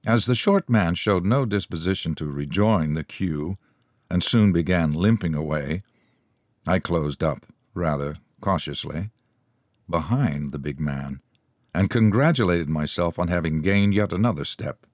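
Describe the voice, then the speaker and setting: An audiobook narrator with a deep voice tells a scripted story in an even, measured way. No room sound comes through, and the quality is that of a studio.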